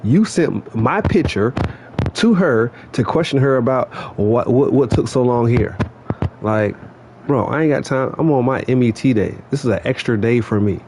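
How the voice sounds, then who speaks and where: A man's voice: mid-range voice, normal speed, slight background noise. Man venting animatedly inside a vehicle. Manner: animated, rambling, repeats "you know what I mean". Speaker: vlogger. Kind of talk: casual venting story.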